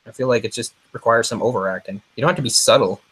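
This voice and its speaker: A man's voice: medium pitch, quick pace, a bit bright, husky. A man co-hosting a casual movie discussion, chatty and opinionated, dropping into mock voices when he retells stories. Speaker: podcast co-host.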